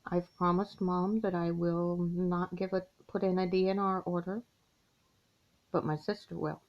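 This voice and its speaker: A woman's voice: on the low side, vocal fry. A middle-aged woman vlogging from her mother's house, speaking in a weary, heartfelt way and sighing as she confides. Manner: weary, heartfelt, slow confiding talk with sighs. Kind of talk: personal confessional vlog. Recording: dull lo-fi home recording.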